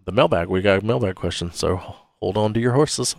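A man's voice: fairly low pitch, creaky, very noisy. A man hosting a casual podcast, rambling and stumbling over names as he talks. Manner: rambling, halting, fumbles names. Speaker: podcast host.

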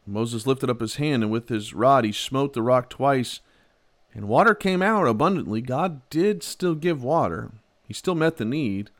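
A man preaching a sermon, animated, swinging from loud outbursts to quiet, low passages. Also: a little slow, no room sound. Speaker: pastor.

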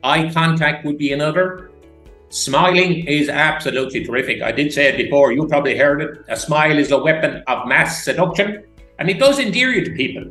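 A man's voice: on the high side, a bit bright, roomy sound, low-quality recording. An Irish man, a public speaking coach, talking enthusiastically and emphatically in a podcast interview. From Ireland. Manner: enthusiastic, emphatic, demonstrative pauses.

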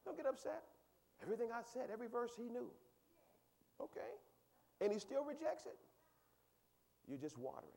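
A male pastor preaching with a high voice that leaps wildly, from low murmurs up to ringing exclaims. He talks with his congregation, asking them questions and repeating words as he builds. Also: very animated, fairly quick, vocal fry, long pauses, a little mellow. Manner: conversational, asks the congregation questions. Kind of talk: sermon.

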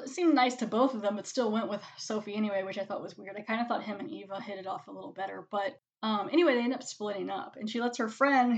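A woman with a voice on the high side gives a casual spoken movie review. She chats with lots of "like" and acts out characters' lines in quick quotes.

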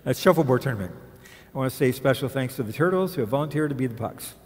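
Man voicing Mrs. Noah, brisk cruise announcer. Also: mid-range voice, expressive, darkish tone, long reverb tail, lightly acted. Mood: announcing. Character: chirpy female cruise entertainment director, Noah's wife.

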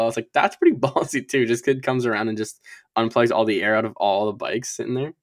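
A man's voice: on the low side, fast talker. A young man co-hosting a casual podcast, laid-back, laughing often and calling his friend "man" and "dude". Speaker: podcast co-host, school staff. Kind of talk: casual chat.

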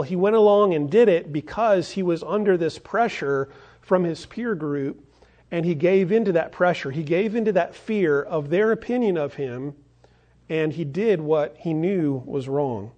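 Earnest pastor preaching a sermon. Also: male voice, high-pitched, darkish tone. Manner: earnest, storytelling.

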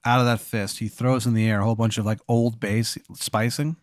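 A man's voice: on the low side, little pitch movement, fairly quick, no echo, studio quality. A man running an improvised hypothetical scenario, narrating loosely with fillers and swearing. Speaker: game master of an improvised hypothetical. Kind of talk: casual improvised storytelling.

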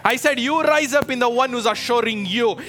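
A man with a high, bright voice preaches a fervent sermon, calling out to his congregation and pressing them to answer. Soft music runs underneath his voice. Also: a little fast. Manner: fervent, exhorting, calls out to the congregation. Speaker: pastor. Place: church with a live congregation.

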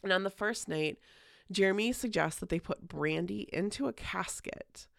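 Gravelly, chatty woman host. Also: mid-range voice, normal speed, dry recording, studio quality. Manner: chatty, many "like" fillers, swears casually. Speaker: podcast host. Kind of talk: casual storytelling chat.

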